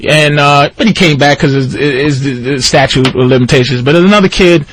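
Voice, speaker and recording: A man telling a long story on a radio talk show, profane and animated, jumping into high shouting voices for the people he quotes. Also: brisk, a little hiss or hum. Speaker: guest storyteller.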